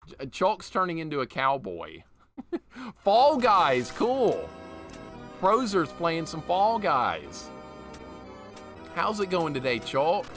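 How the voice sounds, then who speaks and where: A man's voice: on the high side, wildly swooping pitch, slow pace, long pauses, fairly bright tone. A man from Alabama, chatting casually with viewers while streaming a game, reading chat aloud and laughing often. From Alabama, USA. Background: game music.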